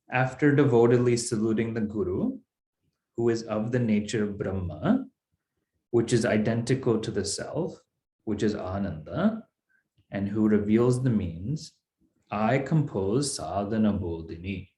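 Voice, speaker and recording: A man's voice: on the low side, a little slow, mellow, echoey room. A man teaching a Sanskrit text in an online class, explaining step by step in a patient way.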